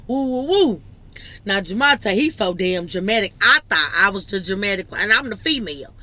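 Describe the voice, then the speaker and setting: A young woman vlogger telling a personal story in an animated, laughing, casual way. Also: mid-range voice, normal speed. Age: young adult. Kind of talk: storytime vlog.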